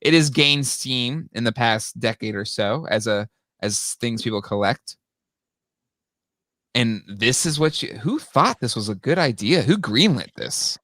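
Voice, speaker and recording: A man co-hosting a casual podcast chat, talking in an animated way and reading out listener comments. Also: measured pace, no echo. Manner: animated, jumps high in pitch when exasperated. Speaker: podcast co-host.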